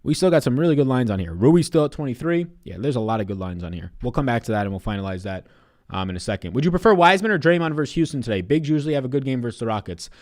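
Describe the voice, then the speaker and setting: A man's voice: medium pitch, expressive, very fast. A man in his twenties on a casual live stream, giving fantasy basketball picks and answering chat in a loose, profane way. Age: 20s.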